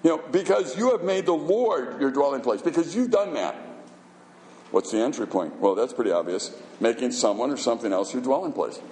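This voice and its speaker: A man's voice: medium pitch, animated, a little fast, darkish tone. A man preaching a sermon as a pastor, emphatic and conversational, firing off rhetorical questions. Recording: echoey hall reverb.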